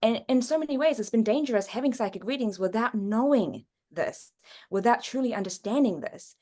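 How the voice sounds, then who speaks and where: A woman guest in a conversational interview who explains psychic readings earnestly, with her pitch rising and falling as she talks. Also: expressive, a little fast, darkish tone.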